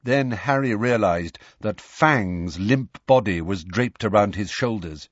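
Lively-pitched husky male narrator, dull lo-fi sound. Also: dry recording. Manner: measured, expressive reading. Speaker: audiobook narrator. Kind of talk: scripted narration. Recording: dull, slightly lo-fi studio recording.

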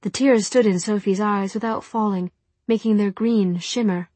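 A woman narrates an audiobook in a calm, steady storytelling voice. Her tone has a husky, breathy grain at a middle pitch. The recording is close and dry. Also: normal speed, no room sound. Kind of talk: scripted narration.

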